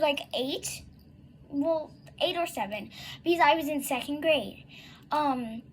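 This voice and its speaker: A woman's voice: high-pitched, bright, forceful tone, slight background noise. A young girl telling a long story in a casual vlog, rambling with many fillers and acting out what she and a friend said. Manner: rambling, many fillers and likes, acts out quoted dialogue.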